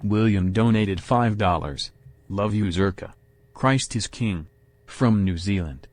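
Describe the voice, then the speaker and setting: A man reading out viewer donation messages in a slow, deadpan announcer manner. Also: on the low side, dry recording.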